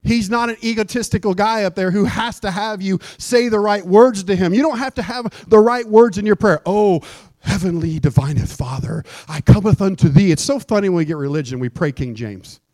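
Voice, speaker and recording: A pastor preaching a sermon in a lively, joking way, slipping into mock old-fashioned prayer voices. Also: male voice, high voice, brisk, few pauses, no room sound. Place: church.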